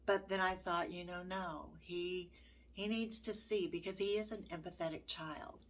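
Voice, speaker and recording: An older woman, a homeschooling grandmother, talking to her viewers in a gentle, heartfelt way with many halting pauses. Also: fairly low pitch, fairly even intonation, slight background noise. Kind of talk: casual vlog talk.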